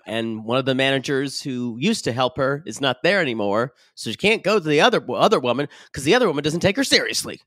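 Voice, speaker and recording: A man's voice: medium pitch, fast, hardly any pauses, no room sound, studio quality. A man co-hosting a casual podcast, chatting and laughing as he recaps a reality show. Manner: animated, laughs often, acts out quotes. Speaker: podcast co-host.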